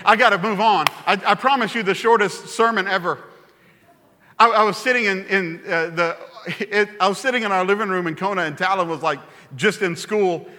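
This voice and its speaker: Male pastor, lively sermon storyteller, high, bright tone, long hall echo. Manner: animated storytelling, repeats phrases for emphasis.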